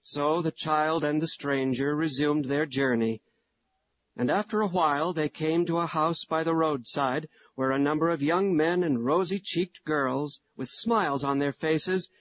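A man narrating a storybook in a measured storytelling way. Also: a little high. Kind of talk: storybook reading. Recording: dull lo-fi recording.

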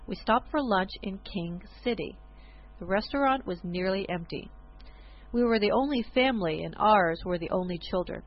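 A woman's voice: mid-range voice, moderate pace, dull audio. Woman reading a personal story.

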